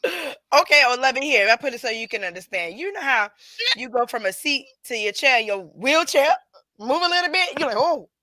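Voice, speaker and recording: A woman co-hosting a podcast in casual chat, playful and animated, often laughing. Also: high-pitched, a little fast, no room sound. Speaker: podcast co-host.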